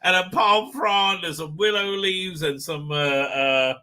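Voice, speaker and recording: Sharp-voiced excitable man hosting a livestream. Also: high-pitched, measured pace, clean tone. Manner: rambling, excitable, profane; laughs often. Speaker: livestream host. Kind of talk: casual live chat.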